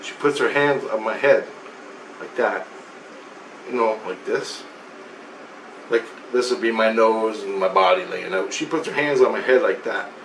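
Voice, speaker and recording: A man on the low side of pitch, with a fairly bright tone, speaks a little slowly and pauses often. As a vlogger, he rambles through a spiritual vision story, swearing and restarting sentences repeatedly, with roomy echo and faint background noise.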